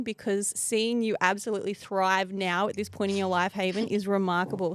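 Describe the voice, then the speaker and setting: A woman's voice: mid-range voice, smooth, no echo. A woman with an Australian accent hosting a podcast, earnestly introducing a guest's story with enthusiasm. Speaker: podcast host.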